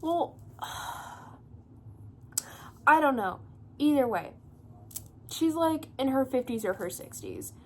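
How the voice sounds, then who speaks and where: A woman's voice: sits high, animated, takes it slowly, pauses often, slightly rough. A young woman at home giving a rambling, profane, casual book recap full of fillers and laughter. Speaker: booktuber.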